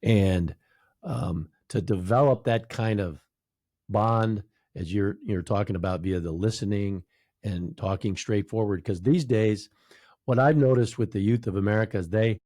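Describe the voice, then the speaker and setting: Low, mellow-voiced male host. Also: unhurried, no echo, clean studio sound. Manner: affirming, ties guest's points to anecdotes. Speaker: podcast host. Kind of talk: conversational interview hosting.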